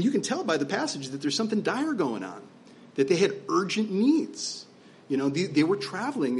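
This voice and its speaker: A pastor with a fairly high voice delivers a sermon that is conversational and emphatic, asking his listeners rhetorical questions. A little hiss or hum can be heard.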